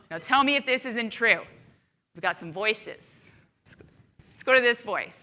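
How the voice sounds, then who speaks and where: A woman with a fairly high, bright voice delivers a motivational keynote to a live audience. She talks in an animated way and keeps asking the room questions. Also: normal speed, big-room sound. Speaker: keynote speaker.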